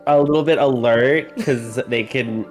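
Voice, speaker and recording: Slow, thoughtful tabletop player. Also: mid-range voice, loud music behind the voice. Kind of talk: tabletop game play.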